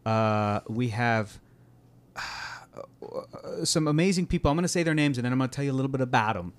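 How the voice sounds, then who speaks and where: A man's voice: mid-range voice, animated, normal speed. A man in his thirties co-hosting a podcast, chatting casually and rambling with frequent laughs and fillers. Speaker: podcast co-host. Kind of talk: casual chat.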